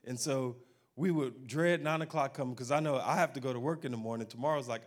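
A male pastor preaching a sermon to his congregation in an animated, humorous manner. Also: mid-range voice, fast.

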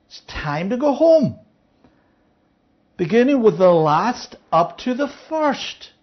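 A Bible teacher leads an interactive study and keeps asking listeners to follow along. The delivery rises and falls with animated pitch as the speaker acts out the parable's characters. The recording sounds dull and lo-fi. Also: slow. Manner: checks in with listeners, asking "Yeah?".

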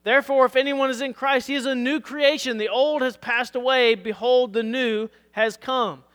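A man preaching a sermon as pastor, reading scripture aloud and checking in with his listeners, his voice going hoarse. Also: very high-pitched, steady tone, normal speed, fairly bright tone, long reverb tail. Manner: earnest preaching, reads scripture aloud, asks "All right?". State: losing his voice.

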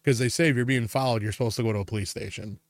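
A man's voice: mid-range voice, steady tone, racing, no echo. A man from Wisconsin co-hosting a casual podcast, telling a road story in a profane, ranting way. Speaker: podcast co-host. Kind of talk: casual chat.

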